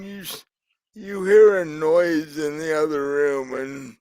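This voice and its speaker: A man narrating as game master, slow and hesitant with frequent laughs. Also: on the high side, fairly even intonation, darkish tone, no room sound.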